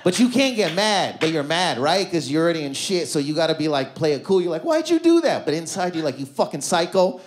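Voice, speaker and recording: Canadian male comic, slightly high voice, lively club stand-up storyteller. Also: fast talker, few pauses. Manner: animated storytelling, acting out voices. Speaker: stand-up comedian. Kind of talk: stand-up comedy set. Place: comedy club stage.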